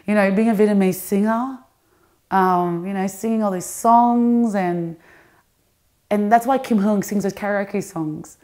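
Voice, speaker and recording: Chatty woman, lively. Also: mid-range voice, a little slow. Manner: animated, restarts, laughs often. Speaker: actress and comedian, guest. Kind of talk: casual interview chat.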